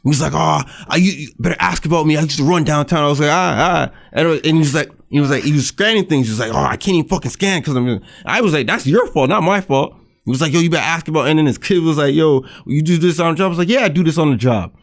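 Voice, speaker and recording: A man's voice: fairly high pitch, fast talker, gravelly. A man co-hosting a podcast in casual chat, heated and emphatic, repeating his points. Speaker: podcast co-host.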